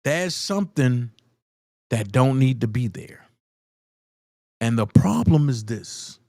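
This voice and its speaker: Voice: medium pitch, lively intonation, takes it slowly, darkish tone, no room sound, clean studio sound. A live-stream host giving blunt, profane commentary and repeating pointed rhetorical questions for emphasis.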